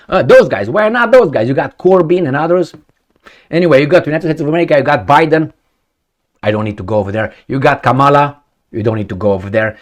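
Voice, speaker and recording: Blunt rambling man mocking politicians. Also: medium pitch. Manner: gropes for names, many fillers and restarts. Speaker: political commentator. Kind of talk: casual monologue.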